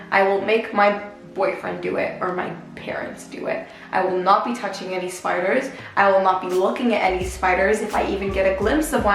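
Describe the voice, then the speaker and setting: Chatty young woman vlogger, roomy echo. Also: medium pitch. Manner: animated, chatty, many "like" fillers. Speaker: beauty vlogger. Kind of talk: casual storytime vlog while doing makeup. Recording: roomy echo with faint background music.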